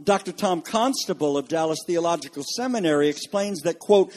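A man's voice: sits high, a little mellow. A man preaching a sermon, reading passages aloud and explaining them to his congregation. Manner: reads quotations aloud, then explains them. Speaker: pastor.

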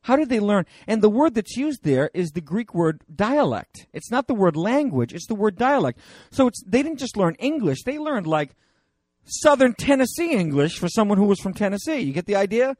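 A male pastor preaching a conversational sermon, animated and digressive, with many fillers and restarts. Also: high-pitched, moderate pace, dry recording.

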